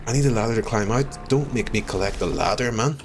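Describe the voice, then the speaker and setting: A man streaming a game live, chatting with viewers, swearing freely and reacting loudly to what happens on screen. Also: medium pitch, fast, a little hiss or hum. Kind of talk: live gameplay commentary.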